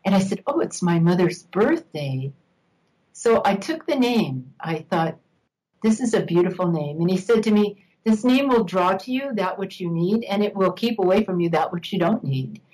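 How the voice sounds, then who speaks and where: A woman's voice: mid-range voice, lively intonation, a little mellow, rough recording. Older woman telling a reflective story. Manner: reflective, unhurried, laughs while telling stories. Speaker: interview guest. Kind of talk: storytelling in an interview.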